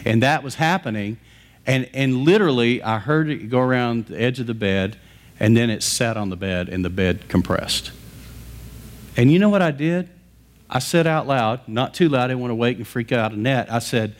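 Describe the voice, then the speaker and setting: A man preaching a sermon, with a conversational, animated storytelling manner. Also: mid-range voice, moderate pace. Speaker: pastor.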